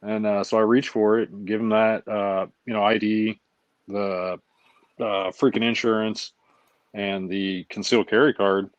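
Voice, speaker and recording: A man with a low voice tells stories in a casual chat, animated and salty with his language. The sound is dull and lo-fi, with dry, close pickup. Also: a little slow, no room sound. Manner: profane, animated storytelling with acted-out quotes. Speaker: show host.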